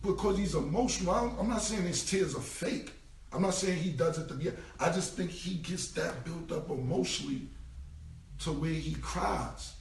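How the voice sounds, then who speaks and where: A man's voice: on the high side, moderate pace, gravelly, reverberant, recorded from a distance. A man in his forties with a New York accent, ranting bluntly in street slang and cursing on a casual live stream. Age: 40s. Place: indoor room, live stream. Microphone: phone mic.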